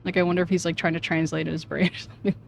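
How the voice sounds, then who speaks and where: A woman live-streams a video game and chats loosely between lines of dialogue. She pokes fun at herself in relaxed, casual asides. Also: lowish voice, racing, creaky, slight background noise. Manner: chatty, self-mocking asides. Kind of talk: casual gameplay commentary.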